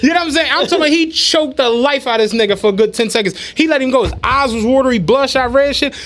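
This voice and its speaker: A man co-hosting a podcast, telling a story in animated, slangy casual chat. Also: very high-pitched, fast. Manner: animated, slangy storyteller who acts out quotes. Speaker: podcast co-host.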